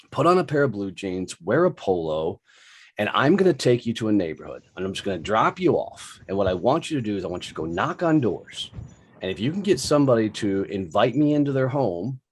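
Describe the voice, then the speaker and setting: A man in his forties with a drawl tells stories in a lowish voice. He swears casually and brings the dialogue to life, switching between the people in his tale. His delivery is loose and animated. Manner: profane, animated storyteller who acts out dialogue. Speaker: podcast guest, business founder. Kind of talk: casual storytelling.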